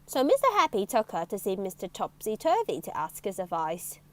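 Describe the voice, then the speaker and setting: A woman reading a children's picture book aloud, telling the story in an expressive, animated way. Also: medium pitch, a little fast.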